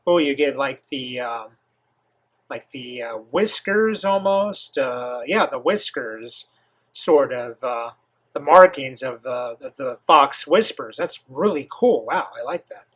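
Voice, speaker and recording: A man hosting a comic reaction, reading and commenting with many halting pauses and eager asides. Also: medium pitch, expressive, fairly bright tone. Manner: halting, filler-heavy, enthusiastic asides.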